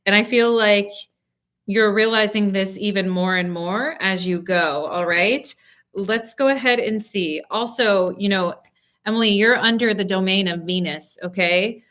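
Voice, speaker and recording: A woman's voice: medium pitch, a little slow, fairly bright tone. A young woman giving a live tarot reading, soothing and reassuring, checking in with listeners often. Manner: soothing, reassuring, lots of "okay?" check-ins. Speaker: tarot reader.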